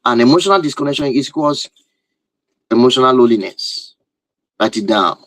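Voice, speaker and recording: A man's voice: mid-range voice, animated, brisk, a bit bright, dry recording, low-quality recording. A man speaking as a relationship teacher who addresses his viewers in an emphatic, repetitive lecture and often asks rhetorical questions. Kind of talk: lecture-style talk to viewers.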